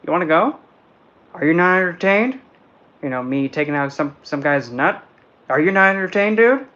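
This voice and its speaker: A man's voice: high-pitched, lively intonation, a little slow, bright, forceful tone, muffled recording, voice pushed up, heavily acted. A man voicing a brash female card figure itching for a fight, taunting and theatrical.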